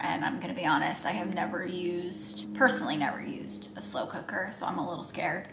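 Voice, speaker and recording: A woman's voice: medium pitch, a bit bright. Chatty young woman, echoey kitchen. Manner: chatty, playful, swears casually, talks to camera. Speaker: vlogger. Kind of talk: casual vlog chat. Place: home kitchen. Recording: echoey room, faint background hiss.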